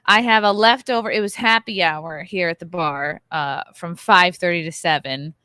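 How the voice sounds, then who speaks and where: A woman in her thirties hosts a casual podcast chat and rants through her story with plenty of swearing. Her voice is bright and sharp, and the sound is close and dry with no room echo. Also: lowish voice, normal speed, clear, resonant tone. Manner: profane, ranting storyteller. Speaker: podcast host. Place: hotel bar.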